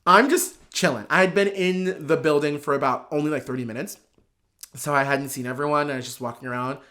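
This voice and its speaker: A man guest on a chat show, telling a casual story in an excitable, gushing way with many fillers. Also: on the high side, fast talker. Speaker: podcast guest, drag performer.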